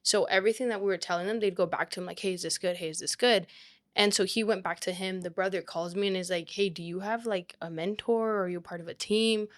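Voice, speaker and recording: A woman's voice: medium pitch, fast, few pauses. A young woman, a real estate agent, telling a story in casual chat, full of "like" and quoted speech. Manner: animated, quotes people often with "like".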